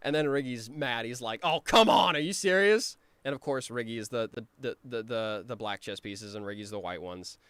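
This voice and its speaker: This creator's commentary on his own cartoon comes in a fairly low, steady, clean voice with no room sound. He wanders casually, stumbling through ums and restarts, and occasionally performs his characters' lines in fast voices.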